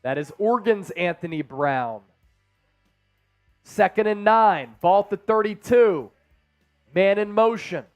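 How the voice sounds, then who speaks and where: Male stream host, high pitched, energetic casual play-by-play, dry sound. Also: a little slow, long pauses, no room sound, soft background music. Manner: energetic, hyped fan banter. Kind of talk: excited live play-by-play commentary and chat shout-outs.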